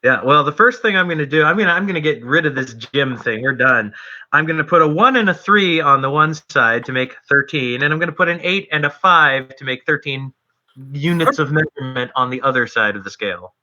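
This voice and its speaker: A man playing a tabletop role-playing game, talking in a lively, earnest and jokey way. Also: a little high, brisk, lo-fi sound. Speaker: player.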